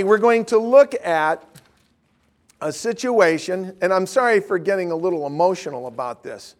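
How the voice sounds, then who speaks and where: A male pastor preaches with a notably high voice, his passion rising into urgent, near-shouted declarations before dropping into soft, joking asides. He is heard from a distance in a large hall. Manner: impassioned, swings from shouting to quiet joking. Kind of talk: sermon.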